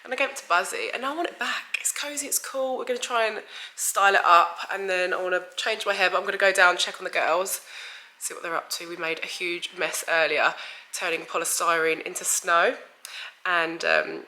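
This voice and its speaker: Bright-voiced chatty woman. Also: lowish voice, brisk, rough recording. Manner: chatty and effusive, frequent "like" and "guys". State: slightly stuffy, bunged up. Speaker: beauty vlogger. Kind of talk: casual vlog chat to camera. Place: at home, indoors.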